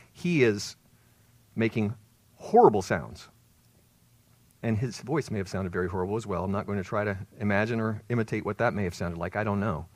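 A man's voice: lowish voice, no room sound. A man preaching a sermon as pastor, explaining and retelling a story with emphatic swells on key words.

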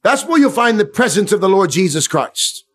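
Brief: middle-aged male preacher with a high voice, fervent, hush-to-loud sermon delivery. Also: big pitch swings, moderate pace, slightly rough. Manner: fervent, swings from hushed to loud.

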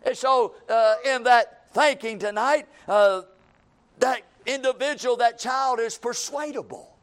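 A man's voice: extremely high pitch, measured pace, clean tone. A man preaching a sermon, folksy and repetitive, building to emphatic calls and acting out everyday scenes.

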